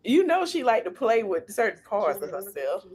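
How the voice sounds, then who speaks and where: A woman's voice: mid-range voice, very animated, moderate pace, a little mellow. A woman hosting a casual livestream chat, teasing and laughing while greeting viewers by name. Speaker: livestream podcast host.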